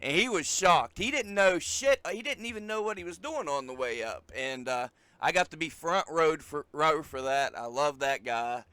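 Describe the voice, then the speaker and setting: A man's voice: a little high, lively intonation, normal speed, few pauses, bright, forceful tone, clear, resonant tone, no room sound. A man hosting a podcast in casual chat, enthusiastic and swearing freely as he tells a story. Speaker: podcast host.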